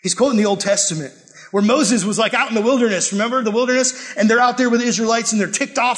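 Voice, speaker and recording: A man's voice: very high-pitched, quick pace, fairly bright tone. A man preaching a sermon, emphatic and conversational, with frequent rhetorical questions. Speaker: pastor.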